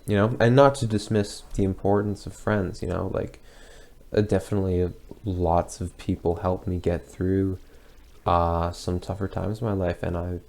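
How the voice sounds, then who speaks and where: A young man with a deep voice and plenty of gravelly fry, thinking aloud as he reacts to an old video of his own. He hesitates often and circles back on himself as he talks. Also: a little mellow. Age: young adult. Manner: hesitant and rambling, with many pauses and restarts. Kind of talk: casual reaction commentary.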